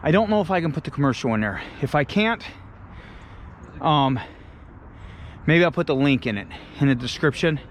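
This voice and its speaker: A man's voice: on the high side, moderate pace, pauses often, a little hiss or hum. A man out of breath, chatting casually and laughing as he walks up a steep city street for his vlog. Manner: chatty, laughs often, easily excited. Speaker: travel vlogger.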